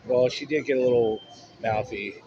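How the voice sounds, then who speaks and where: Male vlogger, mid pitch, rambling and profane storyteller, muffled recording over music. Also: normal speed, background noise. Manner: rambling and profane, with frequent restarts. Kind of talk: casual personal storytelling. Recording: dull audio with music underneath.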